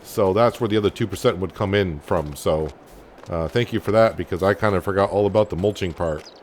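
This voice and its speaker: Guy with a lowish voice chatting thru his farm game, lots of uhs, faint game sounds behind. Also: a little fast, a little hiss or hum. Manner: relaxed, thinking aloud with many fillers. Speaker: gaming channel host. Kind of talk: casual let's-play commentary.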